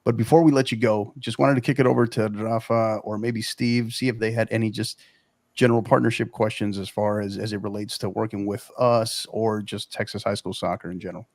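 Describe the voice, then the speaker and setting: A man's voice: lowish voice, fairly even intonation, a little fast, dry recording. A man hosting a podcast in a friendly, upbeat, joking way. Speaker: podcast host. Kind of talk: casual podcast chat.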